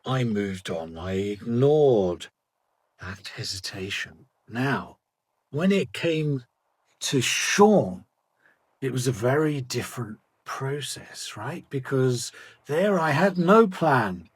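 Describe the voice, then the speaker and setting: A man who coaches sales, giving a reflective storytelling talk in a measured way that trails off softly at the ends of phrases. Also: medium pitch, expressive, husky, no room sound.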